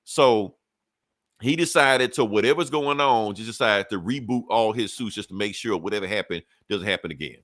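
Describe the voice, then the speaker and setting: A man's voice: lowish voice, normal speed, a bit bright, no room sound, studio quality. A man on a podcast casually retelling a comic book story, acting out the characters' lines with profane, laid-back slang. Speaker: podcast co-host.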